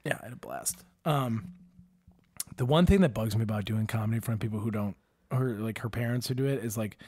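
A man's voice: fairly low pitch, fast, slightly rough, no room sound. A young man hosting a casual podcast, a stand-up comic from Wisconsin who tells rambling, profane stories with lots of energy. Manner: profane storyteller, animated and rambling. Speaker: podcast host and stand-up comedian. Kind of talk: casual chat.

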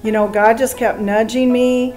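A woman around sixty giving an earnest first-person account in an interview, acting out quoted dialogue and often pausing with fillers and restarts. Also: fairly high pitch, fairly even intonation, a little mellow, soft background music. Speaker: interview guest. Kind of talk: personal testimony in conversation.

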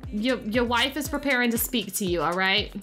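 A woman's voice: on the high side, expressive, normal speed, pushed and bright. A young woman giving casual let's-play commentary, chatting and exclaiming as she talks to her game characters. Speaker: gaming YouTuber. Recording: faint background music.

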